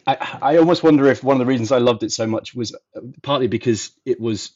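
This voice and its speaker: A man talking through a film in a thoughtful, measured way during a casual discussion. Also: medium pitch, darkish tone, no echo, highs cut off. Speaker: podcast panelist.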